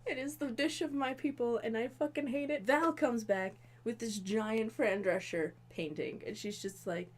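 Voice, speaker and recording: A woman's voice: a little high, moderate pace, few pauses. Rambling, profane woman in her twenties. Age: 20s. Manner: rambling, profane, exasperated storytelling. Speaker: comedy video host. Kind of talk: tipsy comedic movie recap.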